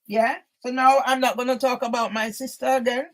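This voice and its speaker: A vlogger with a high voice rants angrily to camera in an upset, agitated personal monologue, swearing constantly and repeatedly throwing out a challenging "yeah?". She sounds emotional and close to tears, speaking a little fast with little pitch movement, and the recording quality is low.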